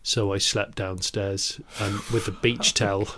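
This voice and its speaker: Male co-host, middle-aged, lowish voice, enthusiastic casual talker. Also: level tone, a little slow, pushed and bright, a little hiss or hum. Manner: enthusiastic, gushing about engines. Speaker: podcast co-host. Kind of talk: casual chat.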